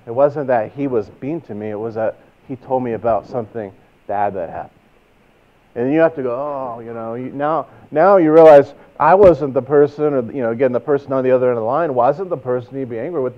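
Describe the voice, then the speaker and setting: A man with a Texan accent preaching a sermon in a relaxed, conversational way, telling stories and asking rhetorical questions. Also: mid-range voice. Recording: tinny phone-like sound.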